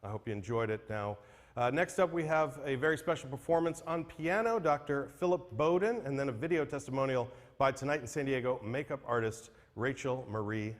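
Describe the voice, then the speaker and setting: A man's voice: mid-range voice, brisk. A man serving as emcee at a memorial livestream, reading tribute poems aloud with earnest, self-deprecating care, then introducing the next acts. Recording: long hall reverb.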